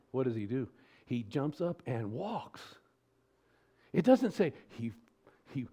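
A man preaching an expository sermon as pastor, asking rhetorical questions, his pitch and loudness rising and falling. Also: sing-song, measured pace.

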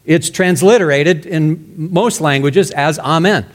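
A male pastor preaching a sermon emphatically, his voice rising loud and dropping to a hush. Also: a little high, measured pace. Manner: emphatic, swinging between loud and hushed.

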